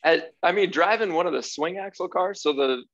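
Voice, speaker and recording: A young man, a guest automotive writer, chatting casually on a podcast, explaining cars in a relaxed way with small laughs. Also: high-pitched, fairly quick. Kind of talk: casual podcast chat over video call. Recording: muffled lo-fi call audio.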